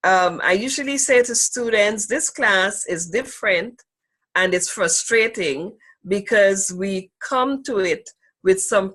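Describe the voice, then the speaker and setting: A woman teaching an online class, speaking slowly and deliberately and stressing key words, over a video call. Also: lowish voice, fairly bright tone. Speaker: instructor.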